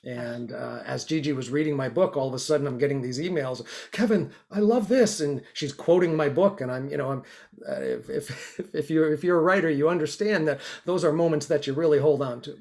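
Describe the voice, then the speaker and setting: Gravelly-voiced man hosting an interview. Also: on the high side, lively intonation, brisk, a little mellow. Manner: earnest, reflective, many restarts. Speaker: podcast host. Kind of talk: casual interview chat. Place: New York.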